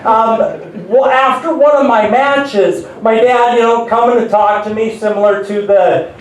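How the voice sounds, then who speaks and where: A man's voice: very high-pitched, measured pace. A male stand-up comedian telling self-deprecating stories with frequent restarts, in a large venue before an audience. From United States. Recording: echoey room, voice far from mic.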